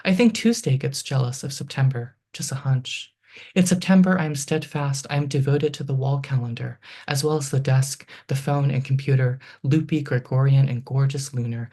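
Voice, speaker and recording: Poet reading aloud with halting asides. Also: mid-range voice, a little mellow. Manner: reads lines in a halting, list-like rhythm; chatty asides between poems with many ums. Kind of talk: poetry reading.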